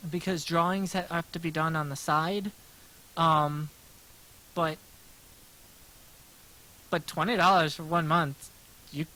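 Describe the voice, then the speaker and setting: An American man with a soft, smooth voice chats loosely with his livestream viewers while drawing. He rambles, repeats himself and pokes fun at himself as he answers their questions one after another. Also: a little high, rough recording. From United States. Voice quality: gentle smooth voice. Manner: rambling, self-deprecating, answers chat aloud. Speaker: livestreaming artist.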